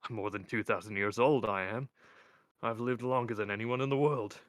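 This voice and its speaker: A man voicing a cranky old male wizard servant who talks gruff and defensive, reading a story aloud. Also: lowish voice, normal speed, no echo, close to an everyday voice. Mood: boastful.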